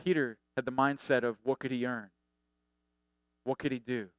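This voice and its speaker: Animated, smooth-voiced male preacher. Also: medium pitch, normal speed, no echo. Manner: animated, conversational, acts out quotes. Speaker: pastor. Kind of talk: sermon.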